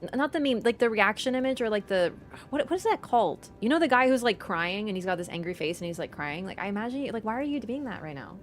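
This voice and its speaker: Lively, animated woman streamer. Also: mid-range voice, fast talker, faint music behind. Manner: animated and chatty, teasing viewers, swears casually. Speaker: livestreamer. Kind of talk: casual livestream chat.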